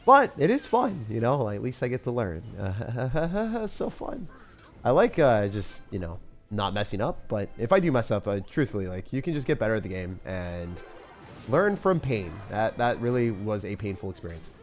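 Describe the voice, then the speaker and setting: A man giving casual, excitable live commentary on his own gameplay, using slang and laughing often. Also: fairly low pitch, normal speed, soft background music. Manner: excitable, swings from mutters to shouts. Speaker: gaming commentator.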